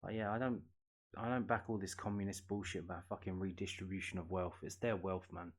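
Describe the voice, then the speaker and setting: Man, lowish voice, casual football rant, blunt, sweary, lots of ums and restarts. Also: level tone, fairly quick. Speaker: football news channel host. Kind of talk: casual ranting commentary.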